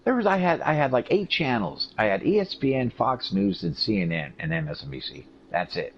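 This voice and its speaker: A man recovering from surgery, telling profane, animated stories in a casual chat. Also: on the low side, a little fast, slightly rough. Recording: dull lo-fi recording with faint noise.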